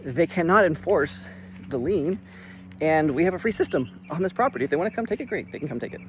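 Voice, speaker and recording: A man, a real estate investor, telling a story in a casual vlog, animated and swearing freely. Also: fairly high pitch, fast talker, slight background noise. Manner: animated, swears when worked up, lots of "like".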